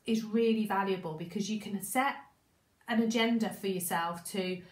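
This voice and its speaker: A woman coaching in a casual spoken training talk. She chats, repeats herself, restarts sentences and acts out inner thoughts, and her voice is croaky. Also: mid-range voice, moderate pace, echoey room, poor audio.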